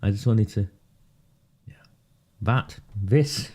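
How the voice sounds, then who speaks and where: A man's voice: lowish voice, moderate pace, mellow. A man doing casual live commentary on local politics for his viewers. He talks in a sarcastic, mocking way and often breaks into laughter.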